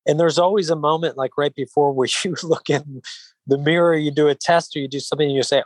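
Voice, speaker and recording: Man, actor interview guest, mellow and even-keeled, rambling restarts, dead dry sound. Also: fairly high pitch, fast talker, dry recording, poor audio. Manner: rambling with frequent restarts and "you know". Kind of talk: relaxed interview conversation.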